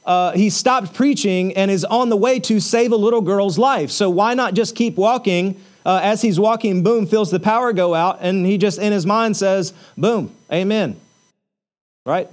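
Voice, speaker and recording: High-voiced man preaching a sermon. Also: moderate pace, hardly any pauses. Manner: conversational, with rhetorical questions and filler words. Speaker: pastor.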